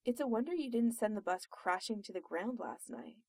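Woman reading as calm posh lady, dry and unbothered, fairly high voice. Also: moderate pace, no echo. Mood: cool. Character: cool, posh, unflappable young woman adventurer.

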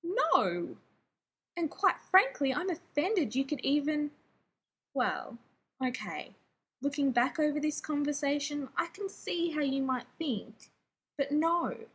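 A woman's voice: high voice, animated, measured pace, pitched above the performer's own voice. A woman putting on an indignant male scientist. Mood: flustered. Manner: spluttering, exasperated, theatrical. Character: fussy, indignant male scientist, talks fast.

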